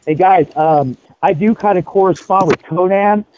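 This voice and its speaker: Man, co-host, slightly high voice, excitable, rambling, lots of fillers, dull lo-fi mic. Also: normal speed, a little hiss or hum. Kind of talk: casual online hangout chat.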